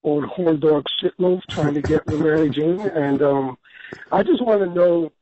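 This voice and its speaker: A male caller phoning into a radio show, rambling and hesitating through lots of fillers. His voice is slightly high and comes through a tinny, narrow phone line. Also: measured pace, warm tone. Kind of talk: phone-in call.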